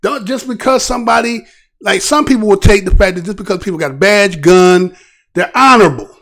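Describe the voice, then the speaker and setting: Man, high pitch, gravelly edge, casual news commentary, rhetorical questions. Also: a little fast. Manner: rhetorical, repeatedly asks "right?"; animated, restarts and trailing phrases. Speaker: commentary show host.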